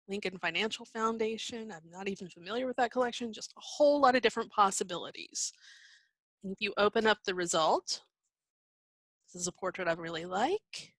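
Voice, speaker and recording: Bright-voiced woman presenting a library class. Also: a little high, dry recording, rough recording. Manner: conversational, explanatory, with fillers and restarts. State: hiccups. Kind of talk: virtual conference presentation with screen sharing.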